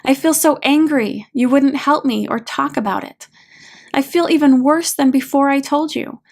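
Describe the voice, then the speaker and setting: A woman voicing an anguished male client, gravelly. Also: fairly high pitch, unhurried. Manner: pleading, raw and accusing. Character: hurt, angry adult male therapy client.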